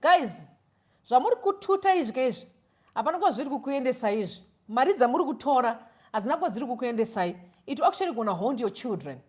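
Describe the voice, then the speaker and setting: A woman's voice: high-pitched, big pitch swings, quick pace. A woman from Zimbabwe, hosting a live stream with opinionated commentary and acting out both sides of a conversation as she tells a story. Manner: mixes Shona phrases into English.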